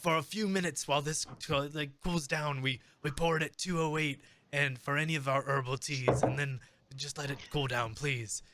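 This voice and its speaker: A man's voice: on the high side, fairly even intonation, moderate pace, few pauses, background noise, close to an everyday voice. A man voicing a nervous, sweaty male innkeeper who stammers and frets in a tabletop game. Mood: fussing. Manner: flustered, stammering, fretful.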